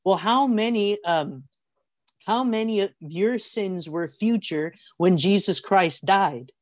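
Animated man preaching on a call. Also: high voice, takes it slowly, dry recording. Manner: animated storytelling, acts out voices; stumbles and repeats words. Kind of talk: sermon on a video call.

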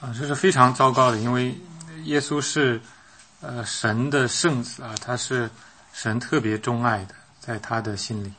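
A man's voice: medium pitch, normal speed, bright, forceful tone, husky. A man interpreting a sermon live, hesitant, with frequent fillers and restarts.

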